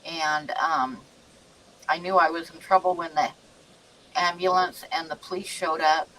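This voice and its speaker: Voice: medium pitch, fairly even intonation, measured pace, sharp tone, slight background noise. A parent telling stories in casual livestream chat, full of fillers like "um", recorded slightly away from the microphone. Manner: storytelling with fillers. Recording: voice a bit distant from the mic.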